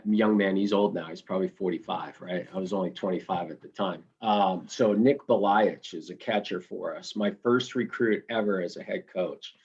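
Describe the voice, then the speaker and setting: A middle-aged college baseball head coach, a guest in a long interview, tells coaching stories in a husky, lowish voice. He rambles, circles back, restarts sentences and adds tag questions like "right?" The audio is dull and lo-fi, like a remote call.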